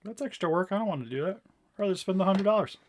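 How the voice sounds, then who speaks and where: A young man with a high, very lively voice chats excitedly while reviewing a toy figure. He rambles, trips over his words and keeps filling gaps as he goes. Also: racing, a little hiss or hum. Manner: enthusiastic, rambling with fillers and laughs. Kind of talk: casual review chat.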